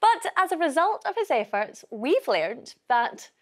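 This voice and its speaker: A Scottish woman hosts a language lesson show from the studio. Her voice sits fairly high and moves up and down a lot. She speaks as a friendly presenter. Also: sing-song, unhurried. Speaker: host.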